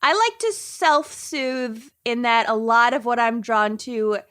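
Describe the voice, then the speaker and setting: A woman's voice: on the high side, slow, a bit bright, clean tone. A woman co-hosting a podcast, dry and casual, swearing freely. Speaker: podcast co-host. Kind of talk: casual chat.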